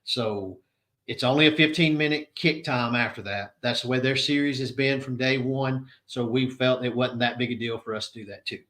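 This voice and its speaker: A man's voice: mid-range voice, moderate pace, fairly bright tone. A middle-aged man, a tournament director, giving a plain-spoken, conversational rules briefing to anglers.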